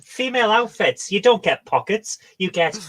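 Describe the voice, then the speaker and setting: A woman's voice: medium pitch, animated, normal speed, rough recording. A woman hosting a casual online quiz over a video call, joking and laughing between lines. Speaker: quizmaster.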